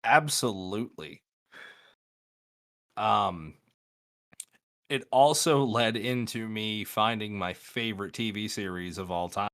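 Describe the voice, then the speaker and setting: A man co-hosting a podcast, talking loudly and excitably in casual chat, swearing freely. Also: fairly low pitch, slow pace, pauses often. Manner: loud, swears a lot, excitable. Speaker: podcast co-host.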